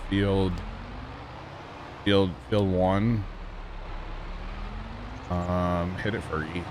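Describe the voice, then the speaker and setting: Streamer, male, low voice, loose rambling chat with viewers, light background hum. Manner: rambling, talks to chat, chuckles at himself. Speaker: livestream gamer. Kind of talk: casual stream chat while playing.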